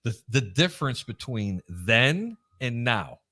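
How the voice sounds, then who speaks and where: Animated middle-aged man telling stories. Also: medium pitch, slow pace. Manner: animated storyteller, acts out shouting coaches. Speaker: co-host. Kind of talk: casual storytelling chat.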